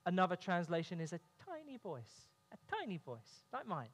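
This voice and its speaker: High-voiced pastor, echoing church. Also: male voice, huge pitch swings, moderate pace. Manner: earnest, with humorous family stories. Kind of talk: sermon. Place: church sanctuary. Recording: long reverb of a church hall.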